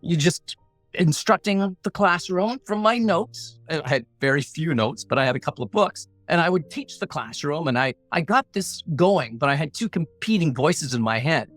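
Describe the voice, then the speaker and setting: His voice runs on the high side, expressive and a bit bright at a normal pace, in a dry recording with soft music behind it. As a podcast guest, this middle-aged negotiation coach shares a personal story bluntly and earnestly, with punchy motivational energy and acted-out inner voices.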